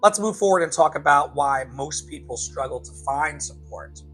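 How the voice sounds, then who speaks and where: Man, life coach, raised pitch, husky voice, emphatic repetitions, soft music behind. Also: rough recording. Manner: emphatic, slow repetitions for effect; calls listeners "beloved". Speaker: life coach and show host. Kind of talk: motivational live talk.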